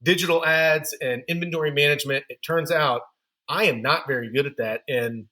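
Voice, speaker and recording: A man in his thirties speaks as a podcast guest, his voice pitched a little high and notably bright and forceful. He tells his story candidly and pokes fun at his own shortcomings. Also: a little fast. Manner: candid, self-deprecating storyteller. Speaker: podcast guest, running store founder.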